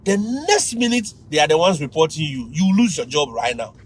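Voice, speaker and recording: Husky animated Ghanaian teacher. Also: male voice, on the high side, fairly quick, low-quality recording. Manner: animated, mimics students, laughs often. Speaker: teacher giving advice. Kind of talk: livestream talk to fellow teachers.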